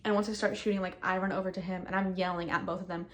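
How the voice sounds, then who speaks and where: A woman tells the story of something difficult she went through, talking casually in the first person in quick, filler-heavy bursts. The recording was made outdoors, and her voice is lowish with a level tone.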